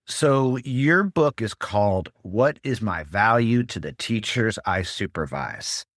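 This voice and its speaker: A man hosting an interview speaks slowly in a fairly low, animated voice that's a bit bright, recorded dry with studio quality. He's conversational, telling a short, casual anecdote from his own teaching.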